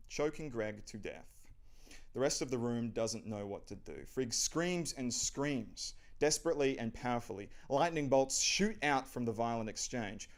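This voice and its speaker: A man reading his own screenplay aloud, narrating the action dramatically. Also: lowish voice. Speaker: channel host reading his script.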